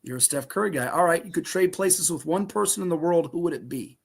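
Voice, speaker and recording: Guy hosting a football podcast, fast talker, kinda high voice, rapid-fire questions. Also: gravelly, husky. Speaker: podcast host. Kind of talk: sports podcast interview.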